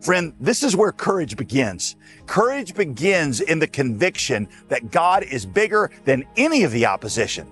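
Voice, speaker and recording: A man's voice: a little high, big pitch swings, normal speed, a bit bright, faint music behind. A man preaching a sermon as a pastor, folksy and emphatic, speaking straight to his listeners.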